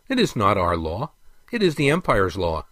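A man's voice: fairly low pitch, lively intonation, normal speed, fairly bright tone, no echo. A man voicing a hotheaded young elf prince who speaks sharply, with an indignant, raised voice. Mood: defiant.

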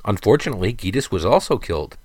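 A man's voice: lowish voice, big pitch swings, fast, darkish tone, no echo. A man reading as a practical young guard. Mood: scheming.

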